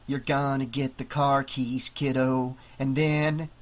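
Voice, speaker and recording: A man voicing a sneering, menacing killer doll in an audiobook, with slow, snarling threats. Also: mid-range voice, flat delivery, close to an everyday voice.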